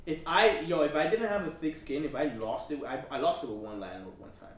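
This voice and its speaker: A man's voice: fairly high pitch, fairly quick, roomy sound, distant mic. A young man co-hosting a casual comedy podcast, acting out both sides of his stories with lots of cursing and laughter. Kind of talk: casual storytelling chat.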